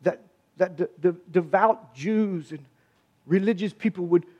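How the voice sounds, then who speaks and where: A man's voice: high voice, unhurried, dark tone, lo-fi sound. A man preaching a sermon in a fervent, emphatic way, repeating phrases for stress.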